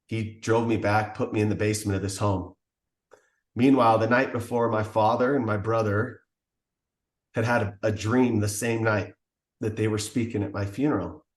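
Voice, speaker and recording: A man's voice: fairly low pitch, echoey room. A man telling the story of his past as a podcast guest, in an earnest, emotional way. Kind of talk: personal testimony.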